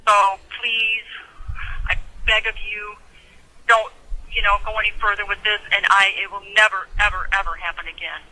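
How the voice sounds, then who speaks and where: A woman's voice: mid-range voice, flat delivery, normal speed, bright, forceful tone. A mother on a phone call, pleading and apologetic.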